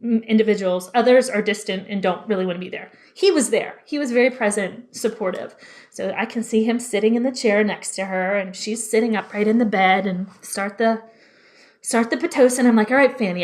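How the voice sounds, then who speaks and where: A woman's voice: medium pitch, brisk. A woman in her thirties, a former labor and delivery nurse, telling a story as a podcast guest and acting out what she said back then. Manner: lively storyteller who acts out her own lines in quotes.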